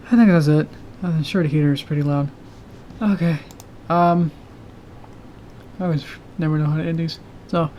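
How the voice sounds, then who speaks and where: A man chatting casually on his live stream about his animation projects, with a sore, tired throat, talking haltingly with fillers and soft laughs. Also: fairly high pitch, steady tone. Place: home room with a loud heater. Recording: faint heater hum behind.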